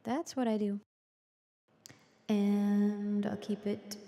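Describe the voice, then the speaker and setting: A woman's voice: mid-range voice, little pitch movement, drawn-out words, creaky, pauses often, mellow, reverberant, big-room sound. Woman chatting through a music session. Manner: chatty, self-deprecating, talks to herself while working. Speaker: musician livestreaming a songwriting session. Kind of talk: casual livestream chat while recording. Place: home music studio.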